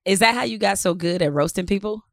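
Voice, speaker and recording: A woman's voice: medium pitch, fast talker, gravelly, dry recording. A woman hosting a podcast, asking questions with playful, joking asides. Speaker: podcast host. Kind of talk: casual interview chat.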